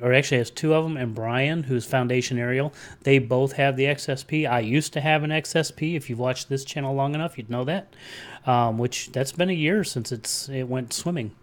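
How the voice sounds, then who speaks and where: Rambling, chatty male livestream host. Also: mid-range voice. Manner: rambling, chatty, answers viewer comments aloud. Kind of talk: casual livestream chat.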